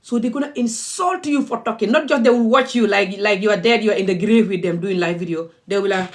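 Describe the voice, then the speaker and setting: A woman's voice: medium pitch, quick pace. A woman, speaking as an activist vlogger in an impassioned, emphatic and repetitive monologue.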